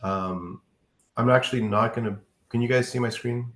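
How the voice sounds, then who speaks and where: A man from a utility company giving a casual presentation in an online community meeting, pausing often with fillers. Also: mid-range voice, steady tone, a bit bright, echoey room. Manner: casual, hesitant with many fillers. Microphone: video call.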